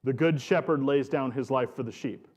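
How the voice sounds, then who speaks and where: A man's voice: medium pitch, moderate pace, darkish tone. A man preaching a sermon as pastor of his church, earnest and emphatic, stretching out key phrases.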